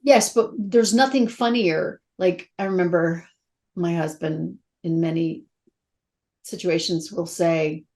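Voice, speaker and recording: A woman's voice: lowish voice, slow pace. Candid, emotional woman telling stories. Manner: candid, emotional, animated storytelling. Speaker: actress guest. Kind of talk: casual interview chat.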